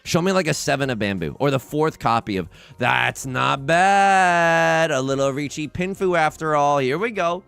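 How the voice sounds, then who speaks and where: Young guy streaming mahjong, rambly nervous chatter, lively up and down voice, gravelly. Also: on the high side, normal speed, few pauses, soft background music. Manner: sudden loud excited outbursts. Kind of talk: casual livestream chat while playing mahjong.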